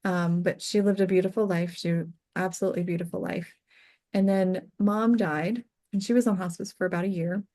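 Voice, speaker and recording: A woman working as a death doula, guest on an interview show, telling personal stories earnestly, full of "like" fillers, her voice going soft and quiet on tender points. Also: fairly low pitch, steady tone, normal speed. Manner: earnest and heartfelt, peppered with "like" fillers. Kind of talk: casual interview storytelling.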